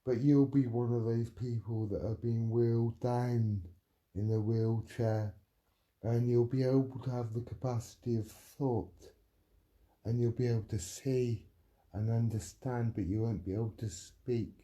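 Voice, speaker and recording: A man's voice: medium pitch, fairly even intonation, unhurried, warm tone. A middle-aged man on a livestream, ranting angrily and threatening someone while answering chat, with a lot of swearing.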